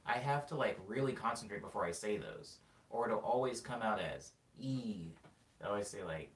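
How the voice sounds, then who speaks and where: A man's voice: medium pitch, lively intonation, normal speed, far from the mic. A man with a Southern American accent, chatting casually on a livestream, musing aloud and answering viewers. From United States. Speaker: livestreaming musician. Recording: roomy, mic set back, music behind.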